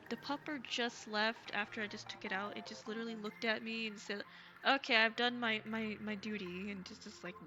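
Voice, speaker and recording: A woman streamer chatting casually with her viewers, soft and gushing, stumbling over ums and restarts, still getting over a cold. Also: medium pitch, highs cut off. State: recovering from a cold. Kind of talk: casual live-stream chat. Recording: streamer's mic with music behind.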